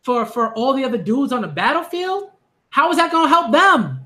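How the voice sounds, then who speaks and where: A man giving a ranting commentary vlog on manga, animated and exasperated, repeating phrases for emphasis. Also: very high-pitched, normal speed.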